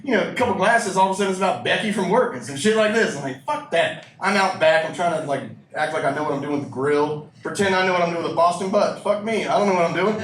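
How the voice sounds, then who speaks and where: A man doing a stand-up comedy set, telling loud, profane stories in a small room with a live audience. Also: sits high, fast, few pauses, a little hiss or hum. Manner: loud, rowdy storytelling with profanity. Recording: roomy, distant live-room recording with crowd laughter.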